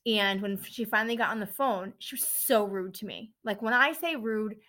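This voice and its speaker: A woman's voice: mid-range voice, moderate pace, pushed and bright. A woman who works in a dental office front desk, hosting her own podcast and venting bluntly with plenty of swearing. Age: adult parent. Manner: frustrated, blunt, swears often.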